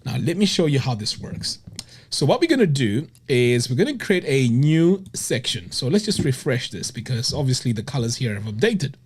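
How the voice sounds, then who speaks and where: Walking through a web design tutorial on screen, a man bursts out with "boom" and "look at that" in his enthusiasm. He talks at a moderate pace with big pitch swings and a breathy quality.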